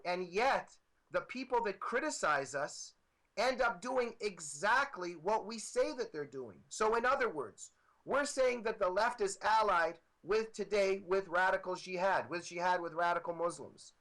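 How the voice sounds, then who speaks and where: A man's voice: high-pitched, animated, measured pace, a bit bright, poor audio. A man appearing as a guest author, arguing with emphatic, repetitive political commentary over a computer microphone.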